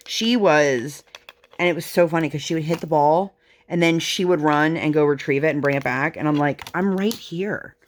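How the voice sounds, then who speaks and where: A woman's voice: low-pitched, slight background noise. A woman in her thirties chatting casually while crafting, telling family stories with lots of fillers and laughter. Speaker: crafting vlogger.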